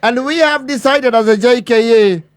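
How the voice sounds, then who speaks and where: Speaking in a very high pitch, a man acts out a pretentious chairman's ceremonial address. He strings together officious jargon and stretches his pauses.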